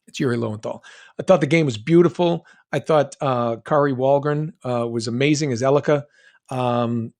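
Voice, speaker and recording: An American man with a General American accent answering fan questions on a live stream, chatty and joking, with quick asides and restarts. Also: mid-range voice, a little mellow. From United States. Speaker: guest voice actor answering fan chat. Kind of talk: live stream Q&A, reading chat questions aloud.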